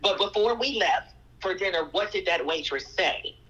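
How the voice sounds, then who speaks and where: Lively woman telling a story. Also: fairly low pitch, moderate pace, slightly rough, muffled recording. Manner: animated, quotes people in voices. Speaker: guest. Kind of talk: conversational storytelling.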